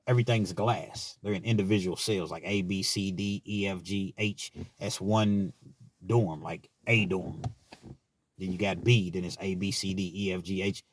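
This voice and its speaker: His voice sits low and steady at a normal speed as this Richmond, Kentucky man, from the US, tells stories from prison. It's a casual, frank monologue, delivered easygoingly, with "man" capping many of his sentences.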